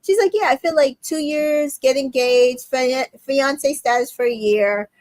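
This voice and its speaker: A woman with a high voice chats through a reality show recap. She quotes the cast in quick little voices, and the sound is dry and close to the mic. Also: darkish tone, dry recording. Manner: retells scenes quoting the cast in quick voices, many fillers. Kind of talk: casual recap chat.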